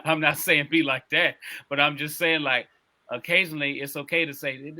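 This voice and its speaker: A man's voice: fairly high pitch, steady tone, normal speed, bright, forceful tone. A man in casual conversation who affirms and builds on what the other speaker says. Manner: affirming, conversational, laid-back.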